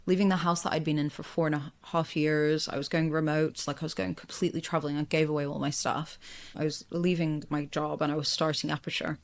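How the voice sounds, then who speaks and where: This woman from England has a low voice, flat delivery and a brisk pace. She's a marketing agency founder appearing as a podcast guest in a casual conversational interview, laughing often and using plenty of fillers.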